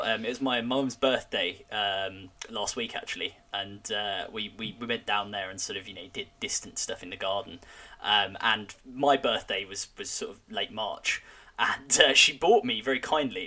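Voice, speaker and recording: A man's voice: on the low side, normal speed, sharp tone. A man co-hosting a podcast, telling rambling, anecdotal stories in casual chat. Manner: rambling, anecdotal, self-correcting. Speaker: podcast host.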